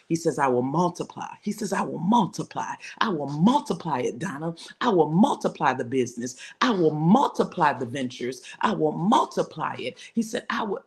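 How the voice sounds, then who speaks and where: A woman with a lower-pitched voice preaches a fervent livestream sermon. She builds intensity through repeated phrases and call-and-response. She calls out to viewers by name and talks to herself as she goes. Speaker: vision coach preaching to a live online audience.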